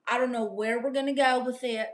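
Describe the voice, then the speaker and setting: A woman's voice: on the high side, steady tone, a little fast. A young woman live-streaming, reading viewer comments aloud and firing back sassy, brash comebacks.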